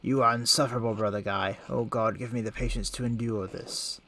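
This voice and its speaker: A man's voice: medium pitch, steady tone, brisk, sharp tone. A man voicing a stern middle-aged monastery prior who scolds his monks in a video game. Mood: scolding.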